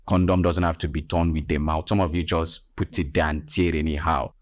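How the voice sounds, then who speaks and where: A Nigerian man with a very low voice hosts a health podcast, stressing his points and teasing listeners. He sounds close and dry, with no room around him. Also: steady tone, brisk, no room sound. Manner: emphatic, preachy, teasing asides. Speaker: podcast host and nurse.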